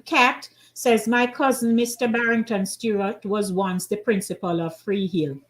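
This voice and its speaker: A Jamaican woman hosting a live show, chatting casually and reading out audience comments with relaxed, frequent affirmations. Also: mid-range voice, measured pace, rough recording.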